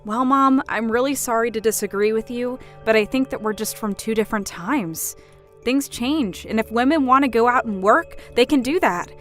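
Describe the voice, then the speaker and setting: A woman plays a young woman devoted to her work in a drama. She stays polite and steady while refusing to give in. Her voice sits a touch high, and soft music hums beneath it. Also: normal speed, natural voice. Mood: firm. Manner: polite but firm, standing her ground. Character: calm, firm young career woman.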